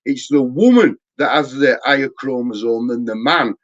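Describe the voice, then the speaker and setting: Rambling man, dull lo-fi sound. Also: moderate pace. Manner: rambling, swears often, voice jumps high when mimicking. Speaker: host. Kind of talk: casual live-stream chat.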